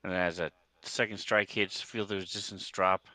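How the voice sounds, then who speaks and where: A man playing a tabletop game, describing his character's actions in a steady, even way. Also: sits low, normal speed, no room sound. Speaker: player.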